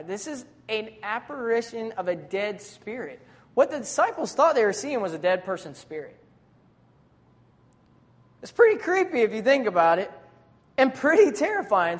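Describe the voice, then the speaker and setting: Preacher delivering a sermon. Relaxed, slangy, animated storytelling, mid-range pitch. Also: long reverb tail. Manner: casual, conversational preaching with modern slang; lively, dramatic retelling of scripture scenes.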